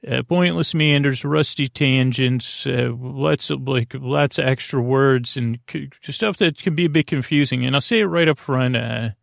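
A man hosting a bedtime podcast, talking in a meandering, self-interrupting way with deadpan jokes and a creaky voice. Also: mid-range voice, normal speed, hardly any pauses, dry recording, studio quality. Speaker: podcast host. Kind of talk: rambling bedtime podcast monologue.

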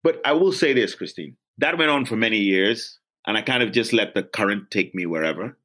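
A fairly low-pitched man from Gambia talks openly about his life as an interview guest. He is blunt and earnest, and he reflects on himself as he goes. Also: animated, brisk, bright, forceful tone. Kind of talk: candid reflective interview talk.

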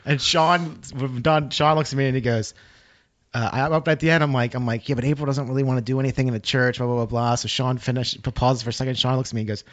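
A man in casual chat, telling a story in a halting way, often repeating his words. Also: medium pitch, fairly even intonation. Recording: dull lo-fi sound.

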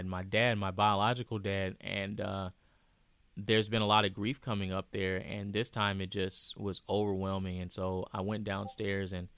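A man's voice: lowish voice, sharp tone, clear, resonant tone, no room sound. A man speaking as host in a reflective personal monologue, earnest and repeating phrases for emphasis.

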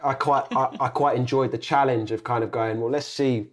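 A young man, an actor, chatting as a guest in a relaxed, rambling way that circles back on itself. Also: mid-range voice, a little fast. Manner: laid-back, rambling, self-correcting. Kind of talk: casual interview chat.

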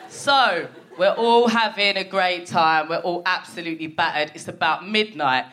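A woman's voice: fairly low pitch, normal speed. Stand-up comic, woman in her forties, salty storyteller on a noisy live theatre recording. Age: 40s. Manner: swearing, storytelling, punchy asides to the crowd. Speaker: stand-up comedian. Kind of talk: stand-up comedy set. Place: theatre stage before a live audience.

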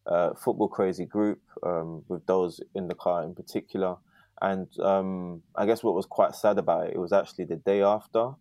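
A man, talking as a guest on a podcast. He speaks over a laptop video call, haltingly, with lots of restarts and fillers. The sound is close and dry. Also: deep voice, fairly even intonation, mellow, no room sound. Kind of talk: casual conversational interview.

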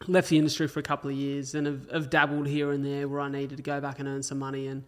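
A man's voice: medium pitch, completely flat delivery, quick pace. An Australian man hosting a casual podcast, telling personal stories in an earnest, open way with some swearing. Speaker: podcast host. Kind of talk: casual chat.

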